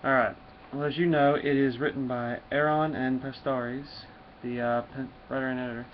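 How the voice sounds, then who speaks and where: A man casually reviews a comic book, rambling with lots of fillers. His voice sits at an ordinary pitch. The sound is dull and lo-fi, with a faint hiss under it. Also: flat delivery, normal speed.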